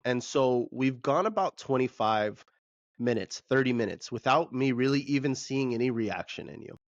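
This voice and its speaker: A man's voice: medium pitch, dry recording. Earnest man telling a story, lo-fi. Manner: earnest, reflective, many fillers. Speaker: podcast co-host and breathwork facilitator. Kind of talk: casual storytelling.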